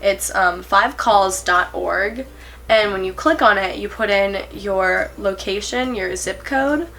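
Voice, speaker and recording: A woman's voice: mid-range voice, slow, bright, forceful tone, a little hiss or hum. An eighteen-year-old woman talking to camera in a casual vlog, earnest and a little nervous, rambling with fillers and self-corrections and breaking into giggles. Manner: giggly, self-conscious laughs. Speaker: vlogger.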